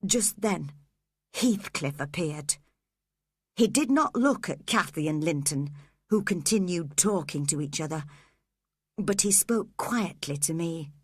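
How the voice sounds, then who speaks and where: Woman reading a story for learners, slow and clear, lively pitch, dry close sound. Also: no room sound. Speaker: narrator. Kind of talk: graded reader story narration.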